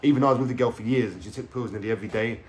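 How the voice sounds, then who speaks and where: A young man with a London accent rambles through a story at home, full of street slang and swearing. He keeps stopping for fillers like "yeah?" and "you know?". His voice sits at an ordinary middle pitch. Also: very fast, background noise. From England. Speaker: vlogger. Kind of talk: casual storytelling to camera. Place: indoors at home.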